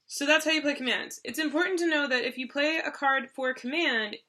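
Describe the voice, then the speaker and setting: A woman co-hosting a board game video goes over the rules casually, talking briskly in a high, pushed and bright voice. Her chatter is loose, peppered with fillers and restarts.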